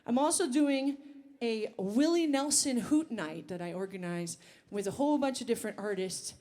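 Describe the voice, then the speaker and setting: High-voiced chatty woman singer on stage. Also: moderate pace, warm tone. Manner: chatty, rambling with fillers. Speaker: singer and bandleader. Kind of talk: stage banter between songs. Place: outdoor festival stage.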